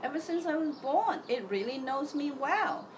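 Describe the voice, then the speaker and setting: A woman's voice: sits high, expressive, moderate pace, background noise. A middle-aged woman talking candidly in a casual monologue about her thoughts, acting out the voices in her head. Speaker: self-help teacher.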